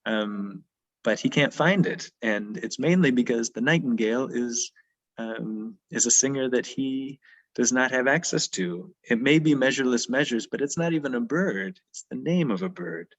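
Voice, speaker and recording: A man's voice: medium pitch, moderate pace, poor audio. Thoughtful man discussing poetry, many ums. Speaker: poetry and birdsong lecturer.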